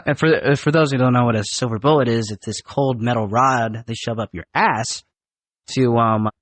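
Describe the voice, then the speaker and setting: Young man telling profane, animated stories. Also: mid-range voice, moderate pace, no room sound. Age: young adult. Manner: animated, profane, rambling with restarts. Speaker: podcast guest. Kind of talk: casual storytelling. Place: podcast studio.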